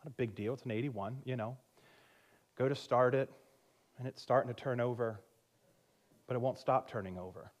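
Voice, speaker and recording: A man's voice: medium pitch, normal speed, pauses often. A male pastor, probably in his thirties, preaching a sermon and telling a personal story with frequent laughter and self-mocking humor.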